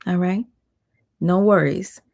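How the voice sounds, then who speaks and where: Woman host, low and gravelly, strained voice, heated blunt livestream rant. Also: steady tone, slow, a little mellow. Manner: blunt, heated, swearing, reads viewer comments aloud.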